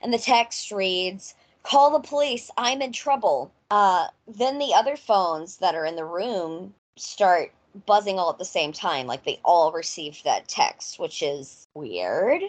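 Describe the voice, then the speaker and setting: A woman's voice: lowish voice, expressive, measured pace, few pauses. A woman from Mississippi with a Southern American accent, hosting a podcast and casually retelling a film plot with lots of fillers. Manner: loose, filler-heavy storytelling. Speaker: podcast host. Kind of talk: casual chat recapping a film.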